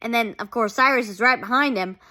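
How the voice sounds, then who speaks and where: A woman's voice: fairly high pitch, fairly quick, sharp tone. A woman recapping a TV episode in a casual vlog, rambling and gushing, full of "like" and quoted reactions. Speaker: TV show reviewer.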